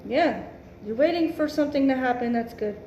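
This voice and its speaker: A woman's voice: high-pitched, a little fast, mellow, roomy sound, a little hiss or hum. A woman giving a casual tarot reading, blunt and emphatic, swearing freely and musing aloud. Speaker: tarot reader.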